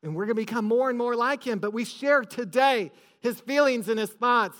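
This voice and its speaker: A man's voice: extremely high pitch, normal speed, fairly bright tone. A man preaching a sermon to his church with rising emphasis, recorded in a large hall. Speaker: pastor.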